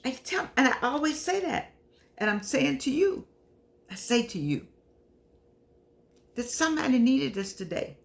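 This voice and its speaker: Teary older woman with a gravelly voice. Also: sits high, sing-song, measured pace, long pauses. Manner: preachy, emotional, repeats phrases, calls on the Lord. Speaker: show host and humanities professor. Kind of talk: casual heartfelt monologue to camera.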